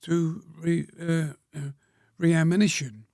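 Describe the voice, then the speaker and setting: A 100-year-old war veteran reminiscing as an interview guest, speaking plainly and slowly, with pauses and throat-clearing. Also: male voice, a little high, little pitch movement, a little mellow, no room sound, clean studio sound. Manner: plain-spoken, slow storytelling, frequent pauses and throat-clearing.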